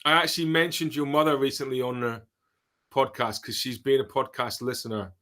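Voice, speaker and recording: A man's voice: medium pitch, fairly even intonation, fairly quick, sharp tone. A British man hosting a casual podcast interview, chatty and storytelling, with rambling questions. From Britain. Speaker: podcast host, drummer.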